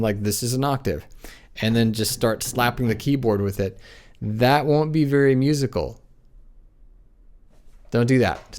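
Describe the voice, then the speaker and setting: A man giving a casual piano lesson, talking in a relaxed, conversational way and counting beats aloud while he plays. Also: medium pitch. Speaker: piano teacher. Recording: piano playing loudly behind the voice.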